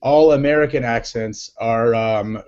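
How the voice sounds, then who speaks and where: Upbeat male host for a loose group chat, playful, average pitch, muffled lo-fi call sound. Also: darkish tone, smooth. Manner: upbeat, playful, quick to laugh. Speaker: show host.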